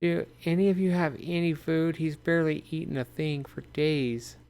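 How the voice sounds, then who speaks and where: A man voicing a frightened young mother who pleads softly and tearfully for her child. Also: fairly high pitch, steady tone, moderate pace, clean tone, pitched above the performer's own voice, close to an everyday voice. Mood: pleading.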